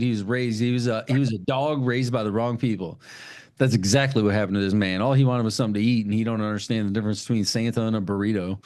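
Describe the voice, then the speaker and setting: A man co-hosting a podcast, retelling a film in casual, profane, animated chat. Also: medium pitch. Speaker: podcast co-host.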